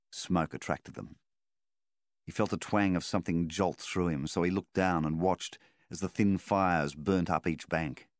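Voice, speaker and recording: Super deep voiced guy reading a story, dry close sound. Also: no echo. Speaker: narrator. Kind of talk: audiobook narration.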